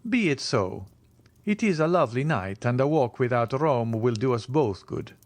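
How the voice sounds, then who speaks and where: A cool, commanding aristocrat from an audiobook reading, as a man puts him on. He speaks with measured calm and quiet authority. His intonation moves expressively, and the sound is close and dry. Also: mid-range voice, no room sound, natural voice. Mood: composed.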